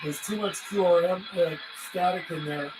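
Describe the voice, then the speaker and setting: A man running a CB radio livestream, calling out call signs in a steady rhythm between casual chat. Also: high voice, moderate pace. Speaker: CB radio operator and livestream host. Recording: radio static and hiss in the background.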